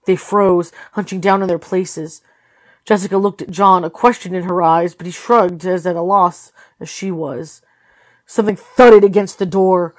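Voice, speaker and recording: A woman's voice: fairly low pitch, moderate pace, no room sound. Tired woman reading a story aloud. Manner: steady reading with occasional slips and self-corrections. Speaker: storybook reader. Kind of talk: read-aloud narration.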